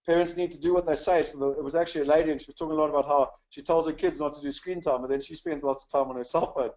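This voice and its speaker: A man's voice: fairly high pitch, fairly even intonation, racing, darkish tone. Upbeat South African man, lo-fi webinar. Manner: chatty and upbeat, many "you know" fillers. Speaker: webinar presenter. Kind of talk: casual webinar talk.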